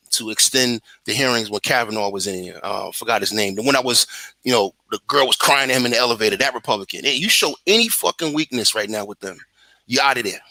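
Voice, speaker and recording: An American living in Germany calls in from abroad as a guest on a talk stream, discussing politics in a heated, profane, rambling way with many restarts. His mid-range voice is pushed and bright, with no room sound.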